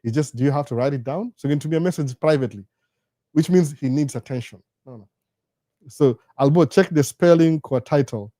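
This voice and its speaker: A man with a Kenyan accent hosting a casual live Q&A, talking in a chatty, animated way with jokey asides. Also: a little high, fairly quick, dry recording, studio quality. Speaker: live-stream host. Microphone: studio microphone.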